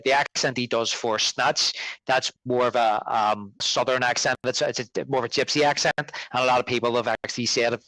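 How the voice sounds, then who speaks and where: A man's voice: medium pitch, fairly bright tone, dry recording, poor audio. A man, co-hosting a film podcast in casual chat, rambling and restarting as he recalls names. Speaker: podcast co-host.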